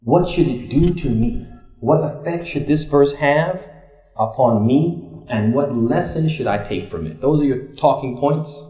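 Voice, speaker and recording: A man's voice: expressive, a little slow, mellow. A man leading a religious study workshop, asking the group questions and answering them himself, his voice climbing to press a point. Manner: asks the class questions and fills in the answers himself; rises in pitch to stress points. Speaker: Islamic teacher leading a workshop. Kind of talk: interactive classroom teaching. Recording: echoey room.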